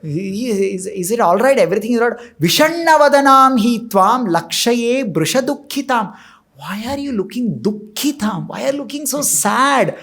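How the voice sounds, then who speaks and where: A man's voice: very high-pitched, lively intonation, normal speed, heavily acted. A man voicing a sweet, concerned queen. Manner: soft, sweet, questioning.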